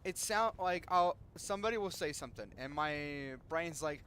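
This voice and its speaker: A man's voice: fairly high pitch, expressive, a little slow, long pauses, fairly bright tone, a little hiss or hum. A young man giving casual gameplay commentary as a streamer, rambling and often cutting himself off mid-sentence. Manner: rambling, self-interrupting, trails off. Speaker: gaming streamer.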